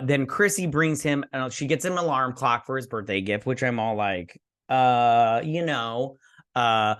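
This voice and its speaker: A man's voice: mid-range voice, fairly bright tone. A man hosting a casual TV episode recap, rambling and acting out the characters' lines as he retells them. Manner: rambling, acts out dialogue with "she's like". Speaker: host.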